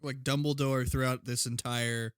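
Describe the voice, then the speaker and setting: A man's voice: medium pitch, flat delivery, normal speed, a bit bright, smooth, no room sound, studio quality. A man co-hosting a podcast, telling an anecdote animatedly and laughing often. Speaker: podcast co-host. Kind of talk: casual chat.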